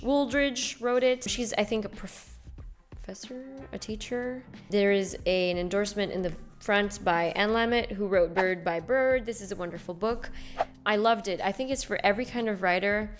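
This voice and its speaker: Woman rambling happily about books, lots of likes, faint music behind. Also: mid-range voice. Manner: enthusiastic, rambling, with filler likes. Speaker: book vlogger. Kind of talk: casual chat answering a book tag.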